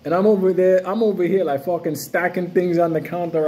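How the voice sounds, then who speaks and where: A swaggering man rants loosely to camera, cursing freely and hopping between stories. His voice sits a bit high but sounds mellow and relaxed. A faint hiss runs under the recording. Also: brisk. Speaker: crypto vlogger. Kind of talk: casual unscripted rant to camera.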